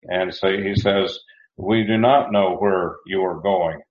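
A man's voice: low voice, steady tone, takes it slowly. A man preaching a Bible lesson in a plain, folksy way, stopping to correct himself and to explain Greek verb forms. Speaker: preacher teaching scripture. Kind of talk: Bible teaching sermon. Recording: dull roomy recording.

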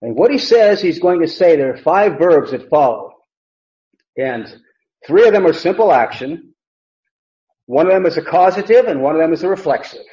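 A man's voice: a little high, animated, moderate pace, long pauses, mellow. A man teaching an expository Bible sermon, emphatic, and often repeating phrases. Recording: roomy, dull lo-fi sound.

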